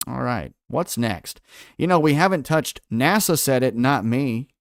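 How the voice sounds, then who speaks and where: A man's voice: mid-range voice, lively intonation, a little slow, no echo, studio quality. A man hosting a quiz-style livestream, putting questions to his viewers and reading out their answers from the chat. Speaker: livestream host.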